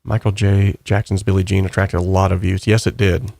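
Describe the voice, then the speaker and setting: A man's voice: low voice, level tone, brisk, gravelly, a little mellow, no room sound. A man hosting a casual stream, chatting loosely and reading viewer comments aloud in a rambling, upbeat way. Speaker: channel host.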